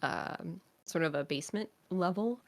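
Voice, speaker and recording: A woman's voice: fairly low pitch, expressive, normal speed, vocal fry, a little mellow. A woman narrating as game master for a tabletop game, describing scenes with many fillers and hesitations.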